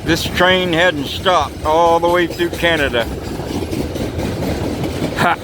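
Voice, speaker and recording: Rambling folksy male vlogger outdoors on a camera mic, unhurried, slightly high-pitched. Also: steady tone, background noise. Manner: rambling, folksy, swears casually. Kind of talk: casual outdoor vlog narration. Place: outdoors by railroad tracks.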